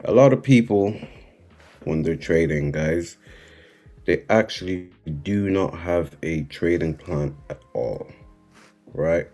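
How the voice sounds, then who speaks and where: Man, very low voice, live-stream trading lesson, slow and repetitive, faint background music. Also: dark tone. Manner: unhurried, repeating "right?" and "guys" to the chat. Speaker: trading instructor.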